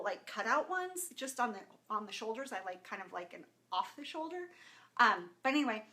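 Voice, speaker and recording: A chatty woman from Southern California, in her thirties, talks live to her viewers with a bright, sharp tone and a fairly high voice. She rambles warmly through fillers and greetings, and she stays openly emotional and close to tears. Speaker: live video host. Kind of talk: casual live-stream talk to viewers. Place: indoors at home with camera and lighting setup.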